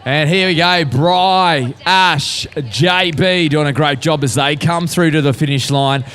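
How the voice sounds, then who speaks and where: A man's voice: fairly high pitch, measured pace, fairly bright tone. An Australian man commentating a race finish, upbeat and joking as runners come in. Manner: upbeat, joking banter while calling runners in.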